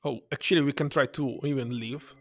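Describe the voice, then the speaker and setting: A man streaming a game, reading its text aloud and thinking out loud in hesitant English, which is not his first language. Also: medium pitch, fairly even intonation, fairly quick, no echo.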